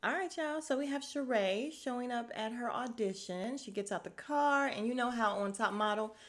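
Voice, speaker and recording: A woman hosting a casual podcast recap of a reality show, chatty and animated, laughing often and acting out the people she quotes. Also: on the high side, moderate pace, a little hiss or hum. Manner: acts out quoted people's voices. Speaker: podcast host.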